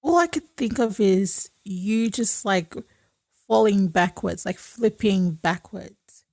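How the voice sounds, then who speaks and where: Sarcastic Australian woman with a gravelly edge. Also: medium pitch, slow, dark tone, dry recording. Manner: sarcastic, giggly. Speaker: podcast guest. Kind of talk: casual chat.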